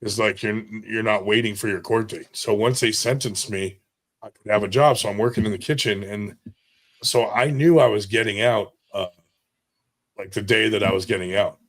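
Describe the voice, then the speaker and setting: A man's voice: lowish voice, steady tone, moderate pace. A man spinning profane stories in a loose, rambling way, laughing as he goes. His delivery is casual and unpolished, with plenty of restarts. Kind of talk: casual storytelling.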